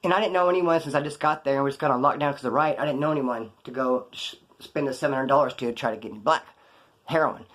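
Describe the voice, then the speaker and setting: A man telling prison stories in a rapid, slangy monologue, acting out the voices of the people in them. He is from Kern County, California. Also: mid-range voice, a bit bright. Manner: rapid, slangy, quotes others in put-on voices. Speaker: prison storyteller vlogger. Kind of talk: fast casual storytelling monologue.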